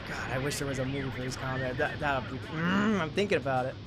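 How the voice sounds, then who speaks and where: A man streaming a flight game live, joking, greeting viewers and reacting excitedly as he plays. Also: medium pitch, quick pace, heavy background noise. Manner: joking, excitable, talks to chat. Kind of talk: casual live game commentary. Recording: game music playing behind.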